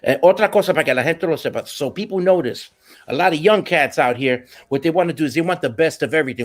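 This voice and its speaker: A man's voice: on the high side, fast. A middle-aged man, a musician guest in an interview, telling stories in a casual, slangy way and slipping into Spanish now and then. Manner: animated, slangy, slips into Spanish.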